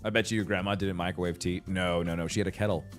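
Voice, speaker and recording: A man's voice: deep voice, steady tone, quick pace, soft background music. A man in his thirties hosting a livestream, chatting casually with lots of fillers, restarts and laughs. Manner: rambling, many fillers and restarts, laughs often. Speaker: livestream host. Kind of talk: casual chat with chat readers.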